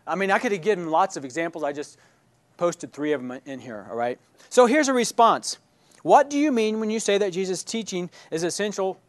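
A man teaching a church class who keeps checking in with his listeners, asking "right?" and "all right?". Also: a little high. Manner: asks questions and checks in with "right?".

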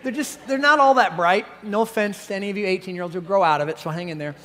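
A man's voice: high voice, fast talker. A middle-aged man preaching a sermon as pastor, telling stories with animation and acting out voices. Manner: storytelling, animated, acts out quoted voices. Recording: long reverb of a large hall.

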